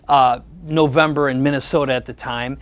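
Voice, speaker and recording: A man's voice: mid-range voice, fairly even intonation, normal speed. A man giving a sales presentation, telling personal stories and acting out the conversations in them. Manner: storytelling, repeats the words of others in conversation.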